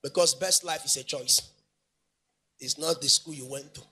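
A man's voice: medium pitch, normal speed, pushed and bright, a little hiss or hum. A male pastor, preaching emphatically in a sing-song way, repeating phrases and asking the congregation questions. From Nigeria. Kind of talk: preaching sermon.

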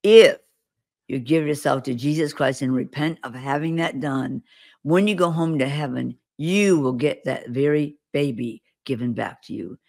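A woman with a rumbling low, darkish voice speaks at a normal speed as a prophetic minister guesting on an interview show. She earnestly recounts visions and stories in vivid detail, acting out the quotes.

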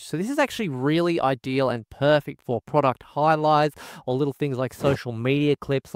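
In a smooth, mid-range voice, a tech reviewer eagerly demonstrates a product in a screen-recorded walkthrough, constantly peppering his lines with "guys" and "folks." The audio is studio quality with no room sound.

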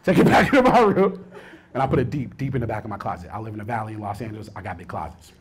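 A man in his thirties performing a stand-up comedy set, swinging between low mumbled asides and loud outbursts. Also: animated, rapid-fire. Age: 30s.

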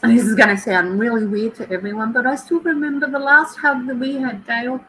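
A woman's voice: fairly high pitch, fairly even intonation, fairly quick, fairly bright tone, slight background noise, low-quality recording. A middle-aged Australian woman hosting a livestream at home, chatting emotionally and greeting her viewers by name. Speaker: livestream host. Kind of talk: casual chat with live viewers.

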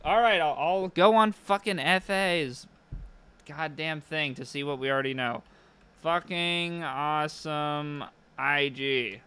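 A man's voice: medium pitch, pushed and bright, clear, resonant tone. A young man streaming, giving casual commentary that is profane, sardonic and rambling.

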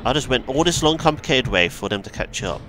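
A man giving chatty let's play commentary, excitable, yelping and making asides as he plays. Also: mid-range voice, fast talker, background noise. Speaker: gaming video host.

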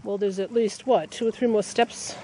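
A woman, narrating a casual nature vlog by a river and roadside, full of excited exclamations, recorded on a handheld camera. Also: medium pitch, moderate pace. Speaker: nature vlogger. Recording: outdoor traffic noise behind.

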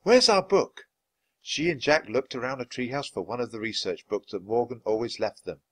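A man's voice: mid-range voice, brisk. A man reading a children's chapter book aloud at a natural speed for English learners. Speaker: storybook reader.

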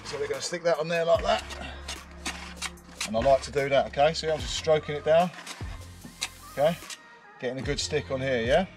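A man's voice: a little high, fairly quick, long pauses, music in the background. Chatty roofer explaining his work. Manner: chatty, explains while working. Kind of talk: casual work vlog. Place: outdoors on a roof. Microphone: action camera.

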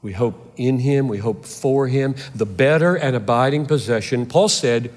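A man's voice: mid-range voice, moderate pace, darkish tone. A man preaching a sermon with fervor, driving his points home through repeated rhetorical questions. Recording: long hall reverb.

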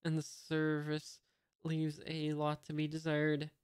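A man reading as an arrogant navy officer, unhurried. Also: a little high, clean tone, no echo, studio quality. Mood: haughty. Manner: flat plain reading of dialogue.

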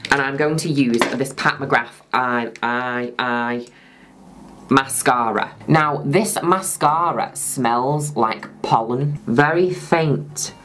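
A woman in her twenties talks through her makeup tutorial in a very low, deep voice. She is camp and theatrical, gushing over every product and addressing her viewers directly. Faint music plays underneath. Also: fairly bright tone. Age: 20s. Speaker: makeup vlogger.

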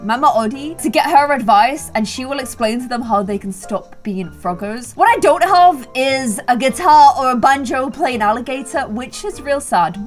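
A young woman giving giggly, playful commentary over her life-sim game. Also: on the high side. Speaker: gaming YouTuber. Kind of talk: casual gameplay commentary.

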